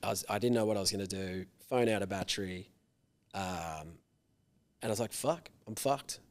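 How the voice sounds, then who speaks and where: A man's voice: low-pitched, fairly quick. An Australian man telling a long story on a casual podcast, rambling and swearing, with many fillers. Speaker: podcast co-host.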